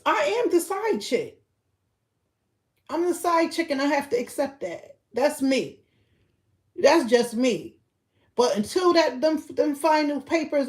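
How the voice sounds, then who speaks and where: A young woman livestreamer with a high voice gives blunt, profane gossip commentary on a live stream. She repeats her points and breaks into loud laughter.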